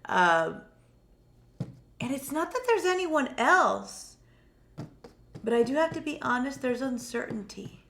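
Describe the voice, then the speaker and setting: A woman co-hosting a live stream of psychic readings, speaking quietly and a little hesitantly because her throat is sore, often repeating words as she searches for her impressions. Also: sits high, sing-song, slow, long pauses, a little hiss or hum. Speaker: psychic reader, co-host.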